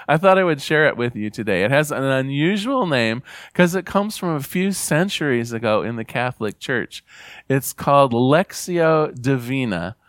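A man giving an earnest spiritual talk, reading passages aloud and repeating key phrases gently. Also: mid-range voice, no room sound, clean studio sound. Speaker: spiritual teacher.

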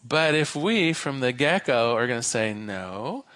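A man minister giving a sermon, an animated storyteller who shifts between quick and slow delivery. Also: medium pitch, dry recording. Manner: animated storyteller, varies his pace.

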